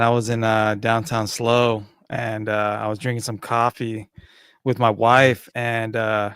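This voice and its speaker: A man with a mid-range voice tells a street story in a relaxed podcast chat. He swears freely and swings between loud bursts and mutters. The recording is close and dry. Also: mid-range voice, clear, resonant tone, no echo. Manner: animated, profane storyteller, swings loud and soft. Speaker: podcast co-host. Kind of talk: casual chat.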